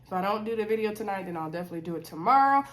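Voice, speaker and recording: A woman's voice: medium pitch, lively intonation, racing. Chatty woman recapping a reality show. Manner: chatty, opinionated, many fillers and asides. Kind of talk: casual recap chat.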